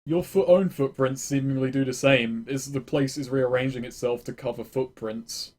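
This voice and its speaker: A man narrating a tabletop game as game master, describing scenes with halting fillers. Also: mid-range voice, darkish tone.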